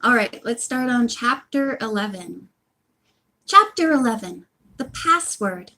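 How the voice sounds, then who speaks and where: A woman's voice: fairly high pitch, animated, measured pace, bright, forceful tone. A woman at home reading a mystery novel aloud, breaking off for chatty, apologetic asides. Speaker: reader of a book series.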